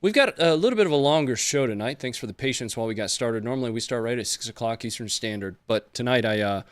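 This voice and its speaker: A man's voice: medium pitch, lively intonation, fast talker, smooth, no room sound, clean studio sound. A man hosting a live show, chatting loosely with viewers and joking before moving into the rundown. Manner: loose, joking, greets chat by place names. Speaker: host. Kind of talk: casual livestream chat.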